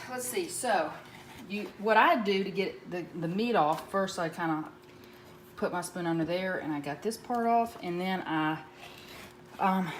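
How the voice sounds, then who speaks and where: A woman chatting casually as she demonstrates a recipe in her home kitchen, rambling with plenty of fillers and asides. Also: fairly low pitch. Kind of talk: casual cooking demo. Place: home kitchen with running water. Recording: echoey room, mic at a distance, loud background noise.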